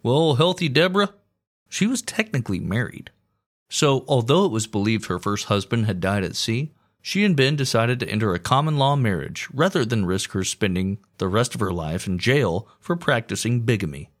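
A man's voice: medium pitch, animated, normal speed. A man hosting a podcast, telling history in a crude, irreverent comic way. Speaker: podcast host. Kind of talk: comedic history narration.

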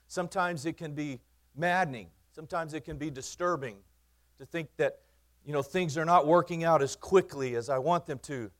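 Earnest man preaching a sermon. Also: a little high. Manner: earnest preaching, repeating phrases for emphasis, swings from loud to quiet. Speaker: pastor. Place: church.

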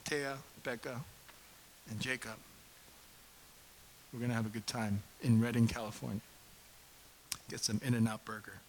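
A middle-aged man preaching a casual sermon in a church, chatty and self-deprecating, bursting into loud impassioned preaching when he gets going. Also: mid-range voice, fairly even intonation, a little slow, long pauses, a little hiss or hum, low-quality recording. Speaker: pastor. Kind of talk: conversational sermon.

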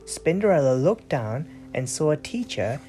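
A woman reading a bedtime story aloud to a child, expressive, with gentle asides. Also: low voice, normal speed, soft background music.

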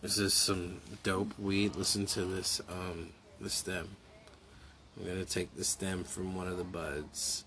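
A man's voice: deep voice, level tone, a little slow, crowd noise, poor audio. A man co-hosting a casual podcast, telling a story loosely while stoned, swearing and laughing. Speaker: podcast co-host.

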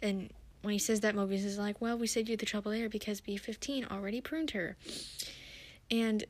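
A woman's voice: mid-range voice, fairly even intonation, moderate pace, no echo. A woman hosting her own podcast, recapping a TV episode in a chatty, rambling way with many fillers and restarts. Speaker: podcast host.

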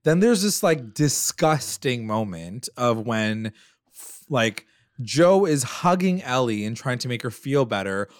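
A man's voice: mid-range voice, very animated, unhurried, no echo, studio quality. A man co-hosting a podcast, recapping a TV episode in casual chat, rambling with lots of fillers and swearing. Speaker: podcast co-host.

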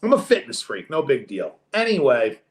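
A man co-hosting a podcast, telling a story in casual chat with a lively, profane manner. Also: mid-range voice, normal speed, echoey room. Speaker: podcast co-host.

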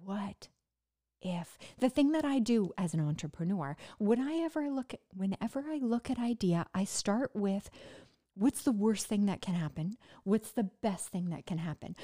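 A woman talking casually to her listeners, speaking haltingly with word-finding pauses, restarts and self-mocking laughs. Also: medium pitch, animated, mellow. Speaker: podcast host recovering from brain injury. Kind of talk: casual personal monologue.

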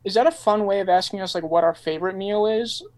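A man's voice: high-pitched, fast talker, a little mellow. Playful, chatty male band member. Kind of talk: casual chat.

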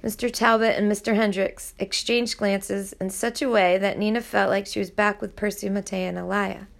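Gravelly woman reading a novel aloud. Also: mid-range voice, flat delivery, moderate pace. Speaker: audiobook reader. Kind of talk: storybook narration.

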